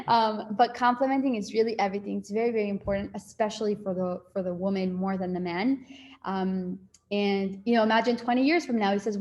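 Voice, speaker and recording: A woman's voice: mid-range voice, fast. A young woman giving a casual relationship talk to a live and online audience. She chats along with plenty of "like" and "you know" and acts out little quoted exchanges.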